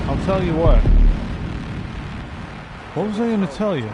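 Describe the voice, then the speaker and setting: A man's voice: sits high, lively intonation, a little slow, long pauses. A man streaming a game, commenting in a goofy, rambling way with frequent laughs. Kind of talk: casual gaming stream commentary. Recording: game music playing behind. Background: game music.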